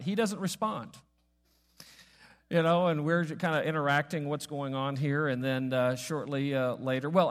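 A man preaching a sermon as pastor, telling a story conversationally, with asides, fillers and restarts. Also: fairly high pitch. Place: church sanctuary. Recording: long reverb of a large hall.

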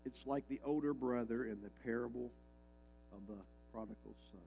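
A man's voice: mid-range voice, moderate pace, vocal fry, lo-fi sound, soft background music. A male pastor preaching a sermon, emphatic and repeating his key lines, with frequent rhetorical questions to the congregation.

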